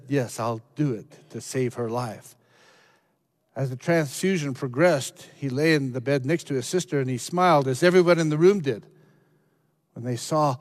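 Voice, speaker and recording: A pastor preaches a sermon earnestly, climbing to emphatic peaks before dropping low, and he often repeats words as he restarts.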